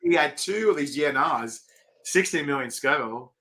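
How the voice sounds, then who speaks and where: A middle-aged Australian man hosting a casual live-stream interview, rambling excitably and reading viewer comments aloud. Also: a little high, moderate pace. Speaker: host.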